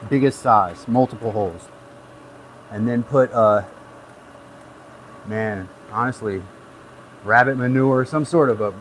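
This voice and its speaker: A man's voice: medium pitch, darkish tone, a little hiss or hum, poor audio. A man hosting a casual live stream, rambling easily as he gives hands-on tips and chats with viewers. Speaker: livestream host.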